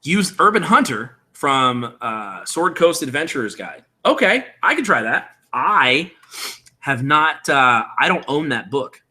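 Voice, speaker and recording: A man's voice: medium pitch, very animated, a little slow, sharp tone. A man explaining character creation on a live stream in a casual, rambling way, thinking aloud and answering viewer chat. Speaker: streamer building a game character. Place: room at home with window blinds.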